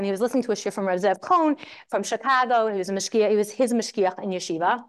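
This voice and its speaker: A married woman teaching a Torah class to women, telling a story in a lively way and acting out the quotes. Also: mid-range voice, fast. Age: adult. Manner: animated storytelling, acts out quotes.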